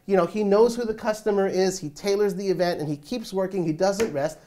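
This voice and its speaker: A woman's voice: mid-range voice, brisk, dark tone, a little hiss or hum. A woman co-hosting a weekly poker talk show, chatting casually and animatedly with plenty of fillers. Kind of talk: casual chat.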